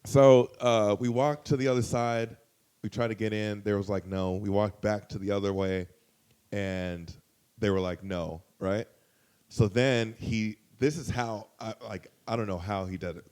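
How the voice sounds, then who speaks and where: A man telling a long, profane story in casual chat, his voice jumping high and loud when he quotes people. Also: measured pace, smooth. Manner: animated, profane, jumps to high loud pitch when quoting others. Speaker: guest storyteller.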